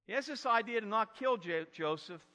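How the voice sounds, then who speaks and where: A man preaches an expository sermon and reads the story with dramatic flair. His voice sits a bit high, sounds bright and forceful, and swings widely in pitch. A long reverb from the room trails behind him. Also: lively intonation, a little fast.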